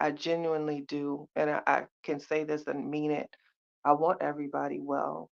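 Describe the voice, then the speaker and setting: Gravelly, flat-voiced woman livestreamer. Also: deep voice. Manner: heartfelt, preachy, repeats phrases, greets chat viewers. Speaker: livestream host. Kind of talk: motivational live-chat talk. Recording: dull lo-fi livestream audio.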